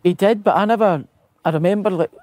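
Scottish man telling lively football stories. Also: sits high, fast, no echo. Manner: laughing, swearing anecdotes, acts out quotes. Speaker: guest, footballer. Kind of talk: casual storytelling.

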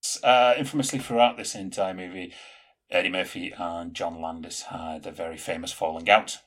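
A man co-hosting a podcast, chatting casually in an animated, rambling way with plenty of fillers. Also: sits low, normal speed. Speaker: podcast co-host. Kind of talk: casual chat.

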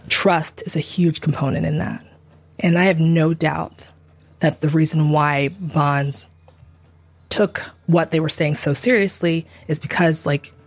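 A woman's voice: deep voice, creaky, no room sound. Woman on a podcast going off about being gaslit, dry close sound, repeats herself a lot. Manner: intense, repeats herself, acts out quoted speech. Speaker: podcaster on church abuse. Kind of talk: emotional personal monologue.

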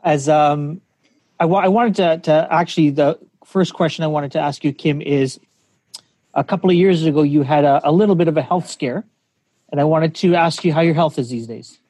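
Fairly high-voiced male host. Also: moderate pace, mellow, no room sound. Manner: chatty, stumbling starts. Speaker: interview host. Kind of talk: casual interview chat.

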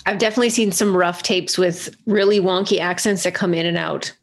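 A woman joins a casual interview with direct, conversational remarks. Her voice sits slightly low. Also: steady tone, brisk.

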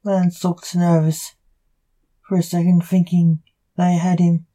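A woman narrating a short story aloud in a calm, even manner. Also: lowish voice, takes it slowly, low-quality recording.

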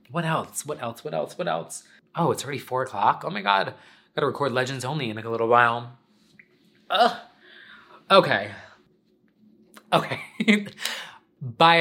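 A young man in a casual, rambling home vlog. His voice is bright and forward. He talks candidly and expressively and swears freely, as if chatting with regular viewers. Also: medium pitch. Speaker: YouTuber and podcast host. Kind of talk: casual sit-down vlog chat.

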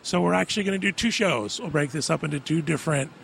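A man hosting a podcast in a relaxed, chatty way, steering the conversation between guests. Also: on the high side, fast, vocal fry, slight background noise. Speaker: podcast host. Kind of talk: casual chat.

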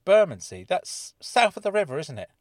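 A man voicing a mysterious woman who claims to come from another planet, speaking in a calm, measured and quietly guarded way in an audiobook. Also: high-pitched, no room sound, pitched above the performer's own voice. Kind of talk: audiobook character voice.

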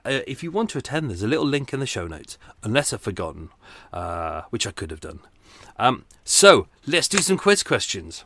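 With no echo on the recording, this true crime podcast host delivers a casual solo monologue in a mid-range, fairly bright voice, rambling with many fillers, offhand cursing and jokes at his own expense while wilting in the heat.

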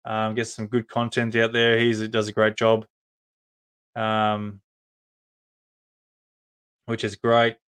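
A man's voice: on the low side, monotone, takes it slowly, pauses often, fairly bright tone, clean tone. A man with an Australian accent hosting a podcast live stream, chatting casually and rambling with many ums and restarts. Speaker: podcast host.

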